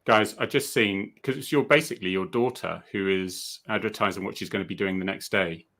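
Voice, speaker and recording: A man's voice: lowish voice, a little fast, fairly bright tone. A man hosting a casual live video chat, chatty and self-deprecating and laughing often. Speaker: host.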